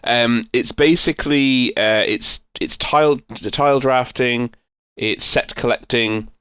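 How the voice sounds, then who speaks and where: A man's voice: mid-range voice, unhurried, fairly bright tone, clear, resonant tone, dry recording, dull audio. A man co-hosting a board game podcast, chatting casually and rambling with lots of fillers and restarts. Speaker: podcast co-host. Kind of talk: casual chat.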